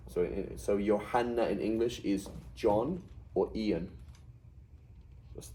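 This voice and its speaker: A lowish, dark-toned male voice comes through a rough recording. He's a middle-aged man teaching a Quranic Arabic class conversationally, checking with "right?" again and again as he explains.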